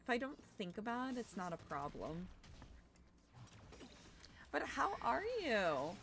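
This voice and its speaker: A young adult woman streamer chatting casually while gaming, rambling with fillers and sounding a little hoarse as her voice recovers. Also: on the high side, unhurried. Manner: animated greetings to chat. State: slightly hoarse from overuse, recovering.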